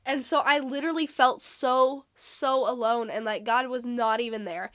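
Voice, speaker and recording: High-voiced earnest teenage girl host. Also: fairly even intonation, normal speed, no echo, clean studio sound. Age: teens. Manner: earnest, storytelling, reads scripture aloud. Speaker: podcast host. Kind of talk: casual faith chat.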